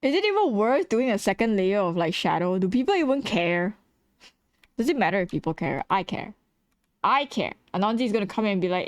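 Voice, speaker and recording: A woman's voice: medium pitch, sing-song, brisk, dry recording, clean studio sound. A young woman streaming while she draws, chatting bluntly and casually with her viewers and laughing often. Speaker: streamer and artist. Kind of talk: casual livestream chat while drawing.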